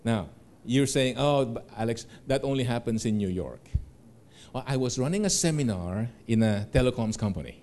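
A man's voice: medium pitch, expressive, normal speed, darkish tone, a little hiss or hum. A middle-aged man giving a motivational seminar talk, telling stories animatedly, laughing along and acting out the voices of the people in them. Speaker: seminar speaker.

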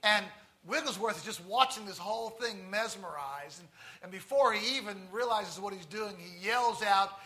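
A male preacher delivering a sermon full of stories, swinging from hushed tones to loud emphatic lines and drawing out key phrases. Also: high voice, normal speed. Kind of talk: sermon with storytelling.

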